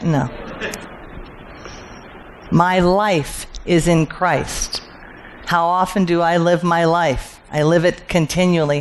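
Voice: medium pitch, a little hiss or hum. A Bible teacher working through scripture verse by verse, asking rhetorical questions, answering them, and repeating key phrases for emphasis.

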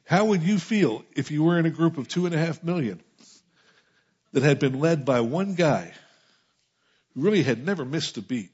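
Husky middle-aged guy preaching, chatty sermon, gets loud then drops low, muffled sound. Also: expressive, normal speed, pauses often. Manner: conversational preaching, rising emphasis, asides and chuckles. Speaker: pastor.

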